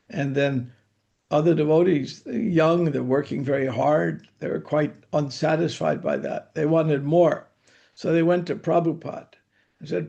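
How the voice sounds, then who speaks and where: A man's voice: a little high, unhurried, gravelly, warm tone, lo-fi sound. An older man giving a scripture lecture, telling anecdotes in a conversational way with dry humor. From United States. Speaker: spiritual teacher giving scripture class.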